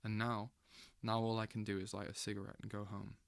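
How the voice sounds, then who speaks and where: A man reading a literary novel aloud as an audiobook, slow and intense, with dramatic swells. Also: on the low side, monotone, gravelly, clean tone, no room sound, studio quality. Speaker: audiobook reader.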